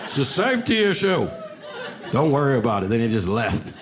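A man doing stand-up comedy, telling stories and acting out characters with big jumps in pitch, on a comedy club stage. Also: big pitch swings, brisk, a crowd in the background, background noise.

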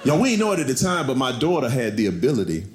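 A middle-aged man doing stand-up, telling animated stories about his kids and acting them out in high voices. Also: racing. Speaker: stand-up comedian. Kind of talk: stand-up comedy routine. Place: comedy club stage. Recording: echoey club with loud crowd noise.

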